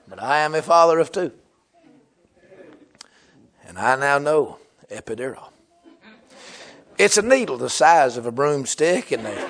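A young man, preaching a humorous sermon. He tells stories loudly, often laughing and breaking into shouts. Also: high-pitched.

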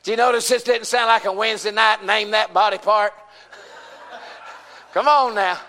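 High, bright-voiced Southern preacher. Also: male voice, fairly even intonation, moderate pace, long reverb tail. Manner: folksy, emphatic, calls out to the congregation. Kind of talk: sermon.

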